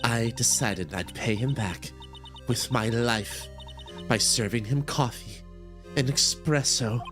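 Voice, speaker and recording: A man voicing a frail, creepy young woman who speaks slowly and ominously while reading a visual novel aloud. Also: mid-range voice, over music, lightly acted. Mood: eerie. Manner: slow, drawn-out, ominous delivery.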